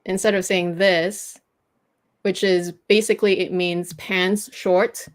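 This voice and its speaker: Her voice sits fairly low, with a flat, slow delivery. This woman, whose first language is French, walks viewers through pronunciation on a relaxed livestream, patiently going on at length and restarting her explanations.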